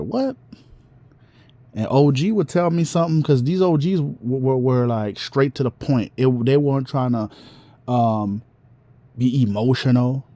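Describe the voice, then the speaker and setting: A man talks in a loose, rambling monologue full of slang and restarts. His voice is mellow and warm. The recording is dry and close, with no room sound. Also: medium pitch, no echo. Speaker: vlogger. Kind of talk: casual monologue.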